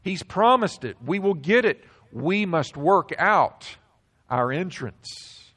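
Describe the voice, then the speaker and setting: Emphatic male preacher with a higher voice. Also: animated, fairly bright tone, slightly rough. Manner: emphatic preaching, slowing and dropping low on key words. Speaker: pastor. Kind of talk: sermon.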